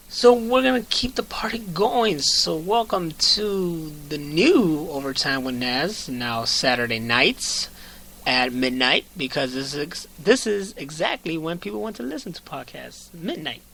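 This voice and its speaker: A man's voice: a little high, expressive, measured pace, gravelly, sharp tone, rough recording. Playful hyped man hosting a podcast. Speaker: podcast host. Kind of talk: casual podcast chat.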